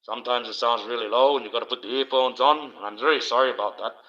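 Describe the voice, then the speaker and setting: A man hosting a livestream alone, rambling and swearing in loose casual banter into a low-placed mic. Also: fast, sharp tone. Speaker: livestream host. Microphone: low-placed desk mic. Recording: dull lo-fi stream audio.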